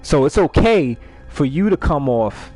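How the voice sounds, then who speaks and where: A man hosting a live stream, telling a story in a casual, animated way, swearing freely and often repeating words as he restarts. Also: a little high, measured pace, faint music behind. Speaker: livestream host.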